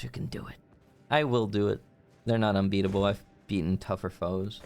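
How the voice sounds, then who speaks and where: A man's voice: deep voice, vocal fry. A man streaming a video game live, chatting with viewers and swearing in frustration at a boss fight. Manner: swearing, frustrated, breaks into shouts. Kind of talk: live gameplay commentary. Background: game music.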